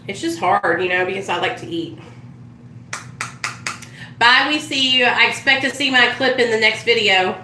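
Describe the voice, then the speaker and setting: A woman's voice: on the high side, moderate pace, pauses often, sharp tone, roomy sound, distant mic, a little hiss or hum, rough recording. A woman chatting casually on a live stream, telling stories and swearing freely as she does her makeup. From United States. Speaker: vlogger.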